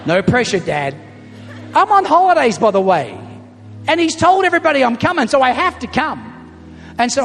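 A middle-aged pastor preaches with emphatic storytelling. His voice sits very high and carries a long hall reverb. Faint music plays behind him. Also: big pitch swings, moderate pace, creaky. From Australia. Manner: emphatic storytelling, builds to loud punchlines. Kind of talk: sermon.

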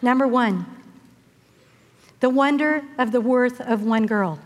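An older woman speaking at a women's event preaches a sermon to a group of girls, in a fairly high voice and at a slow pace. She tells the story expressively and acts out the voices of its characters, with long hall reverb in the recording.

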